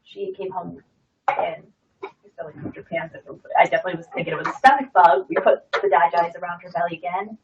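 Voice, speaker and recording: A woman's voice: on the low side, fairly even intonation, a little fast, noisy background. Brief: woman in her 30s, rambling storyteller, distant and muffled sound. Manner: chatty storyteller, many fillers and restarts. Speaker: guest sharing a testimonial. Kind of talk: casual chat. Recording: muffled audio from far off the mic.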